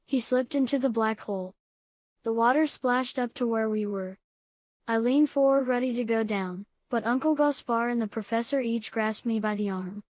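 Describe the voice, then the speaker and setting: A woman's voice: on the high side, darkish tone, dry recording. Woman reading a classic novel aloud. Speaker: audiobook reader.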